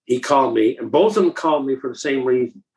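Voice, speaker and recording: A man's voice: mid-range voice, fast talker, darkish tone, poor audio. Earnest older man from Newfoundland. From Newfoundland, Canada. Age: 70s. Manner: earnest, repeats and restarts while recounting calls. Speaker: interview guest. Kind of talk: conversational storytelling.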